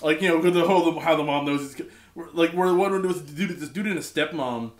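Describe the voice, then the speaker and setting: Excitable high-voiced man in a roomy space. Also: fast. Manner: excitable, laughing, slangy banter. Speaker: podcast co-host. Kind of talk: crude casual chat.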